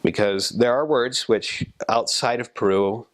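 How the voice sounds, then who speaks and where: A man talking casually about language, explaining in a relaxed way with fillers. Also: mid-range voice, measured pace.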